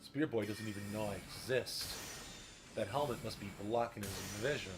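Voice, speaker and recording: A man commentating his own gameplay on a stream, joking and swearing, with sudden loud outbursts. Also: fairly low pitch, unhurried, pauses often. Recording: game music behind the voice.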